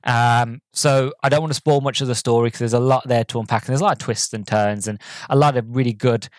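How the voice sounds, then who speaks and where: A young man talks casually on his podcast, rambling through his thoughts on a film. He restarts sentences often and fills gaps with ums. His mid-pitched voice is recorded dry, with no room sound. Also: steady tone, fast talker, dry recording. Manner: rambling, with frequent restarts and fillers; acts out quoted characters in a raised voice. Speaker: podcast host reviewing films. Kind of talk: casual solo podcast talk.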